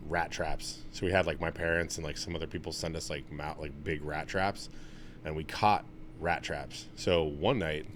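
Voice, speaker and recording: A young man in casual podcast chat, telling stories with lots of swearing and getting loud when he's excited. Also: normal speed, a little hiss or hum. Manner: animated, swears a lot, gets loud and high when excited. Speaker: podcast co-host.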